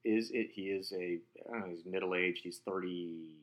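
A man's voice: low voice, fairly even intonation, normal speed. Enthusiastic male podcast co-host. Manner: enthusiastic, chatty. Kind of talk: casual chat.

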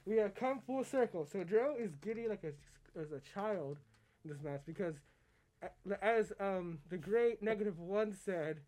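A man's voice: high-pitched, animated, a little slow, a little mellow. A man co-hosting a wrestling podcast in casual chat. He talks chattily, often laughs, and builds his stories with drama.

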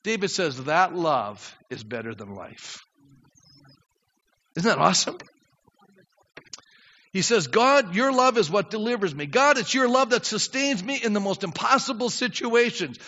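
An older male pastor preaches with a high, bright, sharp voice that leaps all over its range. He acts out prayers, drops low, then builds to shouts. The recording is dull and carries the long reverb of a church hall. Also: lively intonation, measured pace. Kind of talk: sermon. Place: church sanctuary.

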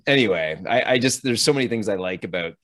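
A man with a lowish voice talks casually, retelling film scenes with plenty of laughter and energy. The sound is dry and close, with no room around it. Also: quick pace, no room sound. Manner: animated storyteller, laughs often, acts out quotes. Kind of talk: casual chat about a film.

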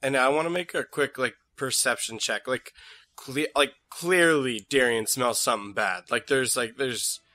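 A man playing a tabletop game, his voice bright and forward. He talks quickly and haltingly, filling gaps with likes, and the sound is dry. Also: mid-range voice, dry recording. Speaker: player. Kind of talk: casual chat.

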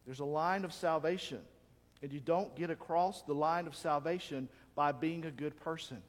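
A man preaching a sermon as pastor, animated and acting out quoted voices. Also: on the high side, normal speed. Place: church sanctuary. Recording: long reverb of a church hall.

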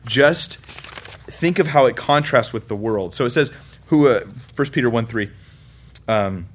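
A man from California preaching as pastor swings from loud, high-pitched emphasis to quiet, low delivery, adding mild self-mocking humor. His intonation is lively and his pace a little slow.

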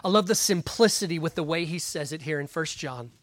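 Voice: medium pitch, animated, fairly quick, no room sound. Earnest preacher with dry close sound. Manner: earnest, emphatic, shifts between loud stresses and quiet asides; guides listeners through Bible passages. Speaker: pastor. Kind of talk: sermon with scripture reading.

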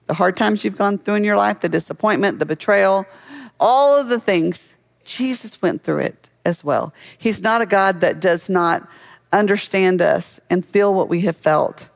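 A man's voice: high-pitched, unhurried, creaky. A man preaching a sermon as a pastor, in a conversational way that keeps asking the listeners questions.

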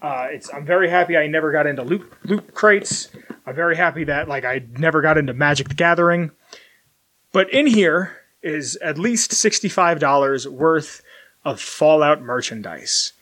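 A young man casually chatting through an unboxing, rambling and self-deprecating, with sudden bursts of loud excitement. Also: a little high, normal speed. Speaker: collector unboxing merchandise. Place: home room with collectibles shelf.

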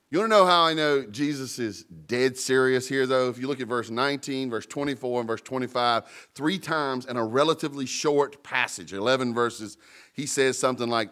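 A man's voice: mid-range voice, moderate pace, fairly bright tone. Emphatic man preaching a sermon. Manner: emphatic, repeats key words for weight; conversational and colloquial preaching with asides to the congregation. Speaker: pastor.

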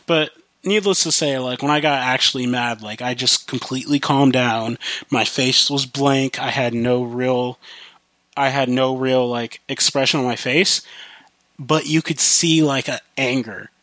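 A man's voice: medium pitch, fairly even intonation, a little slow, sharp tone, dry recording. A young man hosting a podcast alone, rambling casually about his life with lots of fillers and restarts. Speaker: podcast host. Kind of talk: casual monologue.

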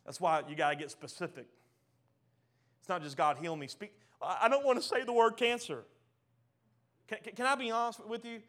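A man preaching a sermon with passion, rising to loud emphatic bursts and falling back to soft, low asides, often stammering and repeating words. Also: normal speed, pauses often.

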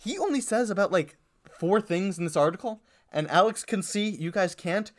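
A young man with a fairly high voice co-hosting a podcast. He talks in loose, sarcastic banter, laughs often and stumbles through filler words. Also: lively intonation, normal speed. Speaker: podcast co-host. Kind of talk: casual comedic chat.

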